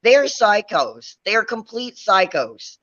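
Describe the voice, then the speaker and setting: A man on a livestream talk show, ranting in anger and swearing hard at every turn. His voice sits a little high for a man. It comes through muffled, lo-fi stream audio. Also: very animated, unhurried, fairly bright tone. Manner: angry, ranting, heavy swearing. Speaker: podcast co-host. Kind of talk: heated livestream discussion.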